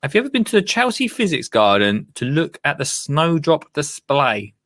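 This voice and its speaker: A man's voice: a little high, sing-song, moderate pace, a bit bright. A man hosting a casual chat show, bantering and laughing often. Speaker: host.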